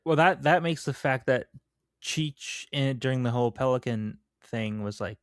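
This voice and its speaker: A man's voice: mid-range voice, normal speed, clear, resonant tone, no echo, clean studio sound. Playful man, joking podcast co-host. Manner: playful, joking, rambling with many fillers. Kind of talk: casual movie-review chat.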